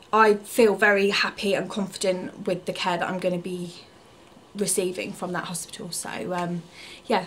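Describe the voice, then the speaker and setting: A woman's voice: medium pitch, a bit bright, a little hiss or hum. A woman in her thirties gives a candid, chatty family vlog update with frequent ums. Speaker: family vlogger.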